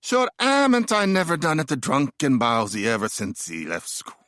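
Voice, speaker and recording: A man's voice: medium pitch, wildly swooping pitch, normal speed, a bit bright, dry recording, studio quality. A man voicing a disappointed older Irish father with a put-on, exaggerated Irish accent. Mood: exasperated. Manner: exaggerated, self-consciously clumsy accent.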